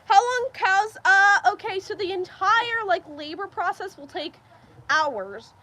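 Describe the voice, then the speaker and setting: A young woman hosting a casual farm livestream, chatty and quick to laugh as she reads viewer comments aloud. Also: very high-pitched, lively intonation, sharp tone. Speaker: livestream host. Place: farm barn with rain outside. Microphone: phone livestream.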